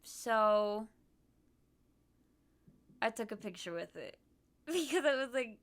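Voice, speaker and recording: Woman, streamer, casual chat, bubbly, giggly, slightly high voice. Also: expressive, slow, pauses often. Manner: bubbly and giggly, lots of fillers. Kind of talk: casual chat showing photos.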